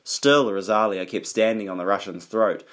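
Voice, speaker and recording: A man reading an audiobook aloud in a steady, even storytelling manner. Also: fairly low pitch, normal speed. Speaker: audiobook narrator. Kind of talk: audiobook narration.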